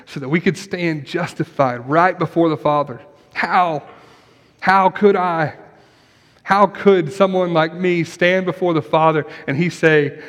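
A man preaching an earnest sermon as pastor, then leading a quiet prayer. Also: a little high. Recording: long hall reverb.

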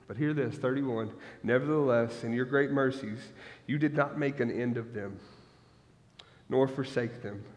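Man preaching in a reverberant hall. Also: mid-range voice. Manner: reads scripture then breaks into lively asides. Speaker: pastor. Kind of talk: sermon with scripture reading.

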